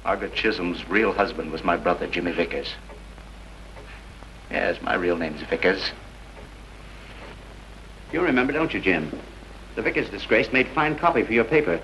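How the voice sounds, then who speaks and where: An actor playing a vengeful man unmasked as the killer, speaking calmly and coldly in a 1930s film. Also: sits low. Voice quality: calm and measured, breaking into mocking laughter. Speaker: villain. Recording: dull, hissy 1930s film soundtrack.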